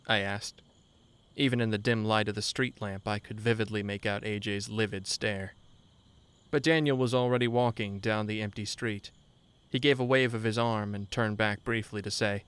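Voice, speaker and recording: Low-voiced man narrating a horror story. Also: fairly even intonation, moderate pace, a bit bright, clean tone.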